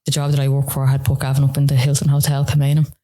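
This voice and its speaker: An Irish woman telling her own story as a podcast interview guest, emotional and halting, with many "like" and "you know" fillers. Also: extremely low pitch, monotone, warm tone.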